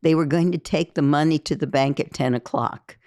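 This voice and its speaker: A woman's voice: deep voice, moderate pace, a little mellow, no echo, clean studio sound. A woman reading a first-person memoir aloud, with an intense, emphatic delivery that rises for heated quoted speech. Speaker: audiobook reader.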